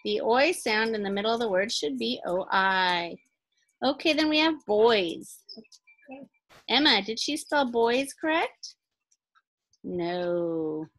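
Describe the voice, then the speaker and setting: A woman's voice: medium pitch, fairly bright tone, low-quality recording. A woman teacher giving a recorded phonics lesson to young children. She speaks patiently, calls on kids by name and answers for them, and praises them often. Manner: patient, talks to children by name, pretend call-and-response; upbeat classroom tone, praises often.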